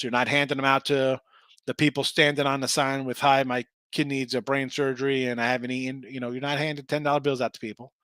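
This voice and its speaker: A man's voice: mid-range voice, bright, forceful tone, no room sound, studio quality. A man hosting a sports betting livestream, chatting casually, rambling through picks and records and answering viewers by name. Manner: rambling, reads out picks and chat names, restarts often. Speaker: sports betting show host.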